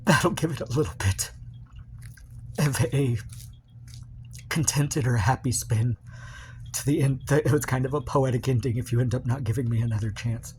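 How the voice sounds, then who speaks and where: A man's voice: medium pitch, normal speed, long pauses, slight background noise. A man recording a personal video message to his partner, rambling and confessional, full of fillers and restarts.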